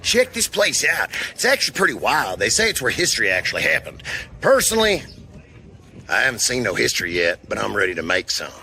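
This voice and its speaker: A man's voice: mid-range voice, huge pitch swings, a little fast, pushed and bright, slight background noise. A man who acts in western reenactments, talking in brash cowboy banter.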